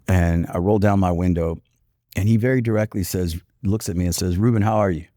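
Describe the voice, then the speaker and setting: Man, fifties, deep low voice, earnest reflective storytelling, lots of "you know", dry close sound. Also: steady tone, a little fast, warm tone, no room sound. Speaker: podcast guest, retired police commander. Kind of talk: personal storytelling in conversation.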